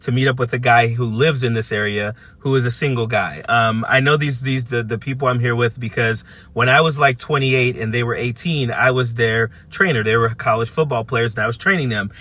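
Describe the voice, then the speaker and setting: A man of fifty telling a casual story to camera from his parked car, animated, acting out what people said, with frequent restarts. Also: mid-range voice, a little fast, hardly any pauses. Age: 50s. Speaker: vlogger. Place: parked at a car charging spot by a busy street.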